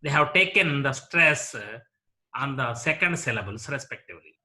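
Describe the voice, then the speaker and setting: A male college lecturer with an Indian English accent, teaching word stress slowly and deliberately, repeating each example word as a drill. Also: mid-range voice, animated, pushed and bright.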